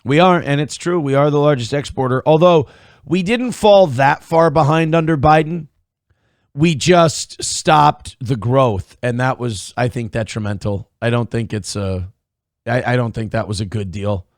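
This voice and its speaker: A man's voice: medium pitch, measured pace, dry recording, studio quality. A man hosting a morning live stream, rambling and joking crudely while reacting to clips and viewer tips. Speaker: morning show host. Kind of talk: casual live-stream commentary.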